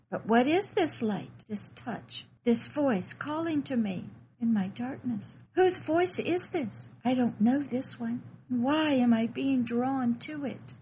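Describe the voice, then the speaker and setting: A timid, frightened spirit child, put on by a woman reading a devotional story asks one anxious question after another. The voice sits a little high and stays lonely and unsure. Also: a little mellow, a little hiss or hum, low-quality recording.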